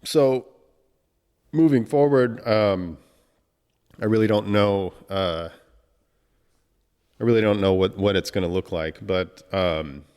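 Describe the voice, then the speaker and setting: A man hosting a podcast, speaking emotionally in a halting tribute monologue, swearing often and breaking off to collect himself. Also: on the low side, darkish tone, clear, resonant tone, long reverb tail. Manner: halting, many restarts and fillers, heavy swearing. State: emotional, choked up. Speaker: podcast host.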